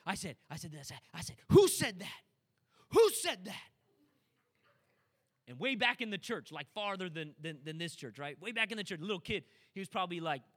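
A man preaching a sermon, swinging between quiet asides and loud, climbing shouts. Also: a little high. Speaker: pastor.

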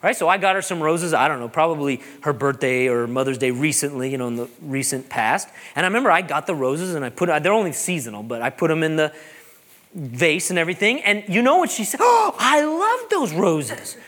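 A man, a pastor preaching a sermon, animated and joking, repeating phrases for emphasis. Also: on the high side, fast talker.

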